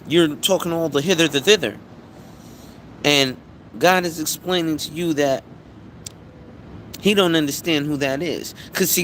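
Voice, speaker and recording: A man hosting a casual live stream as an insurance agent, talking bluntly and profanely with animated storytelling. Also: on the high side, slight background noise.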